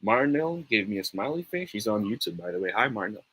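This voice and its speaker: A man's voice: on the low side, very animated, fairly quick, a bit bright, husky, rough recording. A young man with a Filipino accent, teaching an upbeat and encouraging online pronunciation lesson, often slipping into Tagalog. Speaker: online tutor.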